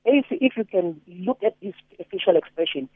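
Halting man on a tinny phone line. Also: high voice, lively intonation, husky, dry recording. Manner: halting, many repeated words. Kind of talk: phone-in commentary.

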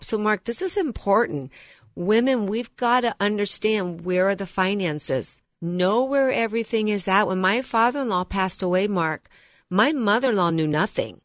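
A woman's voice: medium pitch, animated, moderate pace, no room sound, studio quality. A middle-aged woman co-hosting a financial radio show, telling stories in an earnest, emphatic way. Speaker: financial advisor and co-host. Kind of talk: radio talk show chat. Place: radio studio. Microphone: studio mic.

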